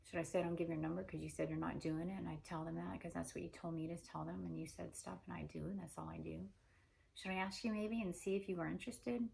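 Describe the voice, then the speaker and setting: A woman's voice: lowish voice, fairly even intonation, fast, gravelly, darkish tone, a little hiss or hum. A woman talking alone in a rambling monologue, stringing run-on questions together with heavy swearing.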